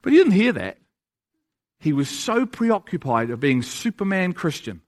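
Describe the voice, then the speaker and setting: Guy preaching a sermon, pretty high voice, punchy, keeps throwing questions at the crowd. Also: sing-song, normal speed, darkish tone. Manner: emphatic, asks the audience rhetorical questions.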